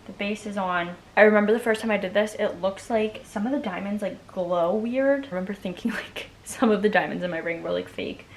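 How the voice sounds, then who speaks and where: A woman's voice: medium pitch, brisk, hardly any pauses, a little hiss or hum. Bubbly young woman chatting at home. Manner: chatty, bubbly, heavy use of "like". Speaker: vlogger. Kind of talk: casual chat while doing her nails.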